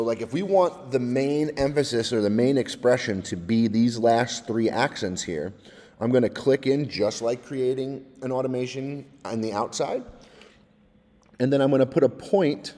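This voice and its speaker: Man explaining software, mellow, reverberant. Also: mid-range voice. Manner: casual, explains step by step, often adds "all right?". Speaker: music technology teacher. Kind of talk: screen-recorded software tutorial.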